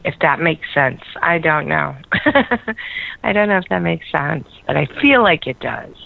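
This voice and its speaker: A woman's voice: low-pitched, animated, a little slow, vocal fry. A woman calling in to a radio show, talking in a rambling, hesitant way and laughing often. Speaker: caller. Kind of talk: call-in radio chat. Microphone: telephone. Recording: tinny phone line.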